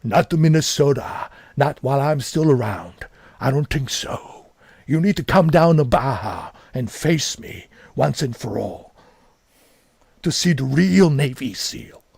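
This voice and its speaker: A man doing an impression of a boastful, gruff middle-aged former wrestler turned governor, taunting and challenging. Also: medium pitch, expressive, unhurried, a little mellow, no echo, studio quality, exaggerated voice.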